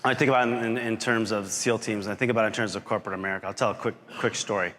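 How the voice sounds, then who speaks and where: Animated male speaker in a reverberant hall. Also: lowish voice, very fast. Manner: animated storyteller who acts out quotes and shouts. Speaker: keynote speaker, company founder. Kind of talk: motivational storytelling talk. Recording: long reverb of a large hall.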